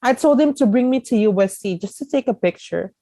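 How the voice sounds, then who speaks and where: A tearful woman from the Philippines shares her story as a podcast guest, halting and full of fillers. Her voice sits mellow and warm, recorded dry and close. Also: on the high side, lively intonation, no room sound, poor audio. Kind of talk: emotional personal story.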